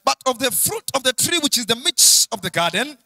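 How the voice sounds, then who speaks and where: Young Kenyan preacher, sing-song emphatic sermon delivery, a high, bright voice. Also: male voice, sing-song, fairly quick, creaky, soft background music, low-quality recording. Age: young adult. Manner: sing-song, emphatic, repeats key lines.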